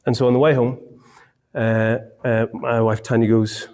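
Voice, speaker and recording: A man's voice: medium pitch, normal speed, a little mellow. A man, telling a humorous personal story in a sermon.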